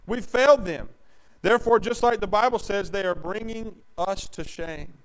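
A pastor with a notably high voice preaches to his congregation. He is emphatic, rises to loud declarations, then drops into hushed asides, drawing out scripture slowly. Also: lively intonation, rough recording. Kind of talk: sermon.

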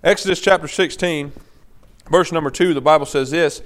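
A man's voice: fairly high pitch, expressive, normal speed. A man preaching a sermon in a conversational way, often checking in with his congregation.

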